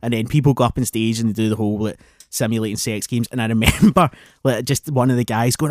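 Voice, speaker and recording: A man's voice: mid-range voice, fairly even intonation, quick pace, no echo, studio quality. A man co-hosting a casual podcast chat, telling wry, grumbling stories and swearing freely. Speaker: podcast co-host.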